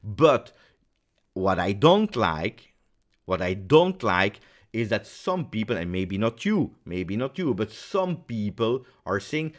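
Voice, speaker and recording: A man's voice: lowish voice, very animated, slow pace. A man with as his hosting a casual pregame football talk, emphatic and angry, repeating phrases for stress. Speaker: football channel host.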